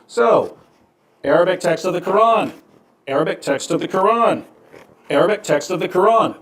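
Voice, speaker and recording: Calm wry man in an echoey room. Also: sits high. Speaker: video creator. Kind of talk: explanatory monologue.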